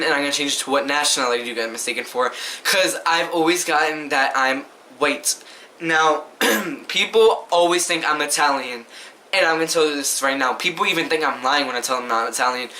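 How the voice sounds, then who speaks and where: A man's voice: on the high side, fairly quick, sharp tone, a little hiss or hum. A young man vlogging to camera, answering questions in a casual, emphatic and indignant way, often asking the viewer rhetorically.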